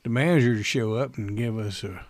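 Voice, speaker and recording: A man's voice: fairly low pitch, brisk, dry recording, natural voice. A man playing a folksy, rambling coffin maker with a Southern accent in a tabletop game.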